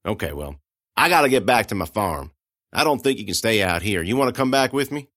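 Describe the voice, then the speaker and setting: A man's voice: on the low side, sing-song, brisk, a bit bright, no room sound, clean studio sound. A man voicing a plainspoken, stubborn but kind young farm woman who talks in a folksy, reassuring way. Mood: patient.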